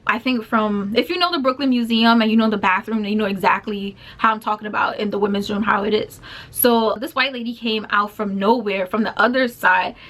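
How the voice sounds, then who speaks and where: A woman's voice: mid-range voice, a little fast, hardly any pauses, fairly bright tone. Young woman telling a casual storytime. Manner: casual, filler-heavy retelling with many quoted exchanges. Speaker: vlogger. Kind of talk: storytime vlog.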